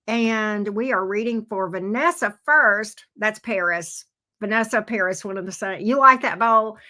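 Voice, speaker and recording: A woman's voice: medium pitch, measured pace, bright, forceful tone. A woman hosting a live-stream tarot reading, chatty and folksy, talking straight to her viewers. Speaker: tarot reader, stream host.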